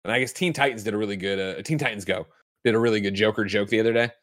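A man's voice: lowish voice, racing. A man hosting a podcast, chatting in a jokey, rambling way and reading the news aloud. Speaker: podcast host. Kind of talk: casual chat and ad read.

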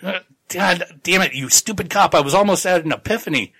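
A troubled male official, flustered and blunt, cursing his way through a spiritual crisis, as a man puts him on. The voice sits a little above normal and has a bright, forceful edge, all loose paraphrase. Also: mid-range voice, animated, measured pace, slightly rough, heavily acted. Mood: indignant. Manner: casual, profane paraphrase of a character.

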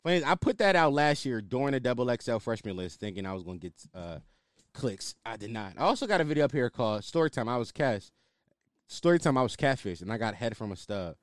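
Animated young man ranting casually. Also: medium pitch, quick pace, no echo, clean studio sound. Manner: animated, ranting, swears freely. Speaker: podcast host. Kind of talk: casual solo commentary.

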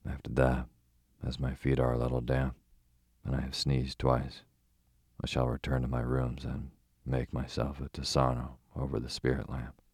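Guy reading as a calm fussy old detective, super deep gravelly voice, flat and husky. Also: dry recording, clean studio sound, heavily acted. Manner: placid, deliberate, foreign turns of phrase. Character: fussy, precise older male detective.

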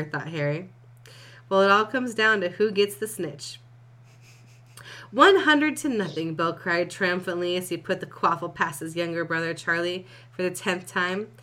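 A woman's voice: lowish voice, fairly bright tone. A young woman co-hosting a podcast, reading fan fiction aloud and breaking off to laugh and swear. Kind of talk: casual reading and chat.

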